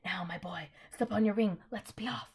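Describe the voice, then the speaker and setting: A woman's voice: medium pitch, moderate pace, slight background noise, natural voice. A woman reading aloud, voicing a sly, cowardly old man who whispers furtively.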